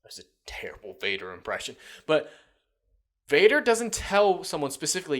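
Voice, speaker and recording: A man's voice: a little high, very animated, a little fast, a bit bright. A man hosts a reaction commentary, reading lines from an article and tearing into them. His delivery is sarcastic and profane, with blunt, ranting asides. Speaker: commentary channel host.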